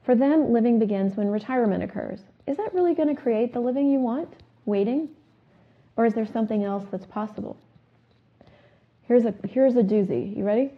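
Woman host, husky voice, self-help talk, questioning, repeats statements, phone-like sound. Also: fairly high pitch, brisk.

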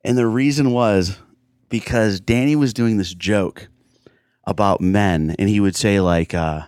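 A man, a comedian, chatting casually in a hotel room and telling lively stories, laughing often. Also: fairly low pitch, a little slow, smooth, no echo, studio quality. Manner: animated storyteller, laughs often. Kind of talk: casual chat.

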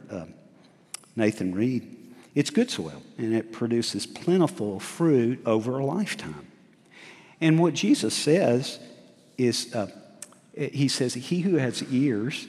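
In a reverberant church sanctuary, a middle-aged pastor with a slightly mellow, medium-pitched voice delivers a sermon. He poses questions to the congregation and chuckles at his own expense as he recounts a story.

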